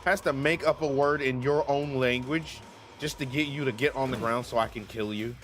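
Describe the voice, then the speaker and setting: A man hosting a livestream, chatting casually in an animated, profane way and laughing often. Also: mid-range voice, moderate pace, a little hiss or hum. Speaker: streamer host.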